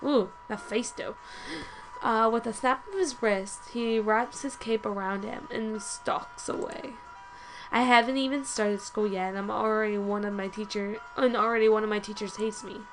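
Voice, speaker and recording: A woman's voice: medium pitch, fairly even intonation, moderate pace, a little hiss or hum, rough recording. A woman reading a story game aloud with chatty asides, often stumbling and correcting herself. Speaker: let's play host.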